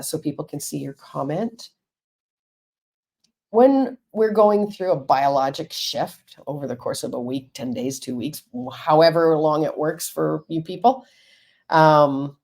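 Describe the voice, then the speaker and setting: A woman's voice: low voice, warm tone. A woman, a counselor and Reiki teacher, talking frankly and reassuringly to viewers in a live stream.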